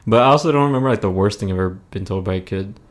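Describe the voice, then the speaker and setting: Young male guest, slightly low voice, relaxed and hedging. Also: very fast. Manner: easygoing, hedging with "like" and "I mean". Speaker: podcast guest. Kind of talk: casual chat.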